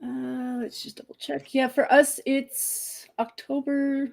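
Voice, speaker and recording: A woman from Canada with a fairly high voice, co-hosting an online talk show. She chats freely and laughs easily. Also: flat delivery, slow pace, gravelly. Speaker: podcast co-host. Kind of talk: casual chat.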